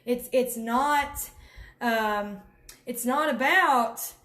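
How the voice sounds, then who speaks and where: A woman vlogs to her viewers in a high, bright voice. She lectures with emphatic repetition and folksy words like honey and y'all. The room around her sounds bare and echoey. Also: drawn-out words. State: near tears at times. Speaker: network marketing vlogger. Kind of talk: direct-to-camera pep talk.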